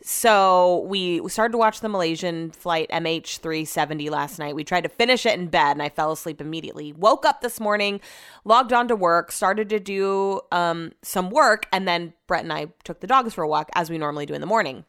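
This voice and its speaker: A woman's voice: lowish voice, fairly quick, fairly bright tone, clear, resonant tone. A woman with a Californian accent telling a story in a casual vlog, rambling and swearing often, still shaken and upset. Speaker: vlogger.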